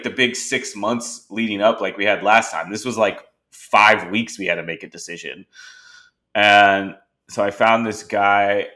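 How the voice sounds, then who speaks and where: A man hosting a podcast, telling animated stories in casual conversation and acting out the dialogue of the people in them. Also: lowish voice. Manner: animated storyteller who acts out quoted dialogue. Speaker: podcast host.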